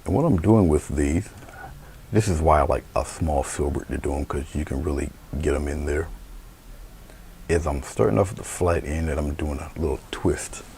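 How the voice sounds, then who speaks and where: Male painting instructor, bass register, gravelly; easygoing live demo patter. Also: normal speed, a little hiss or hum. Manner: relaxed, chatty, thinking aloud.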